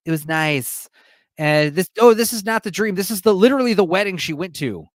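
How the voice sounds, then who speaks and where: A man's voice: sits high, animated, fairly quick, no echo, clean studio sound. A man streaming alone, giving a casual, profane movie recap and laughing often.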